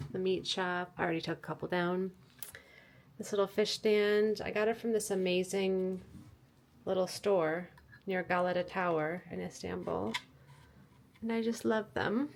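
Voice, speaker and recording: A woman's voice: on the low side, creaky, echoey room, slight background noise. A young woman vlogging casually about decorating her apartment, chatty and enthusiastic as she thinks aloud. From United States. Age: young adult. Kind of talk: casual vlog narration.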